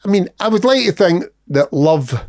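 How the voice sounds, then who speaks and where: A man's voice: high-pitched, animated, moderate pace, darkish tone. A middle-aged Scottish man, a guest comedian telling a rude anecdote on a podcast, swearing and laughing as he talks.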